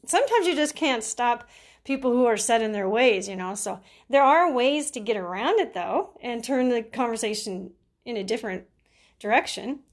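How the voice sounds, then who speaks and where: A middle-aged caregiver with a slightly high, animated voice at normal speed gives casual advice. She chats and laughs often while telling stories about her clients, acting out what people said.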